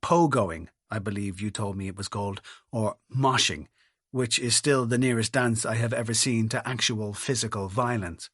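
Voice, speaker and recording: A man's voice: lowish voice, normal speed, fairly bright tone, breathy edge, no room sound. A middle-aged man narrating an audiobook in the first person, with wry, dry humour.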